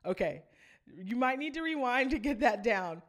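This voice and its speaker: An enthusiastic woman teaching a singing lesson, her speaking voice fairly high and full of swoops. She talks students through vocal runs and breaks into sung phrases to show them. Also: animated, normal speed, fairly bright tone. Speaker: vocal coach.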